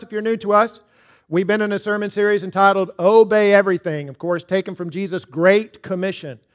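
A man, a pastor, preaching a sermon to his congregation, mixing scripture with a told joke. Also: sits high.

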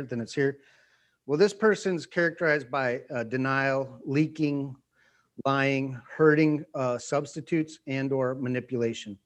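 A man preaching a conversational sermon to a small group, repeating phrases and acting out quoted voices. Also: medium pitch. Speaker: pastor.

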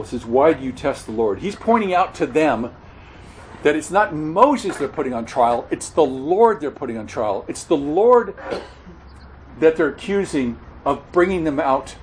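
A man preaching an expository sermon, earnest and halting, often repeating words and correcting himself mid-sentence. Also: medium pitch, darkish tone, slight background noise, rough recording. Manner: earnest expository teaching, stresses key words.

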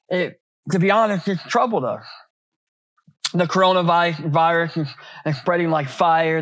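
A man's voice: fairly high pitch, no room sound. A man preaching a sermon as pastor, in a conversational way with many rhetorical questions and repeated words.

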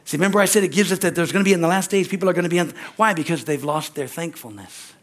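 Guy preaching sunday church sermon, slightly higher voice, goes loud then drops quiet. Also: very fast. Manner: call-and-response preaching with frequent amens and hallelujahs; swings between loud exclamations and quiet asides. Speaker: pastor. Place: church sanctuary.

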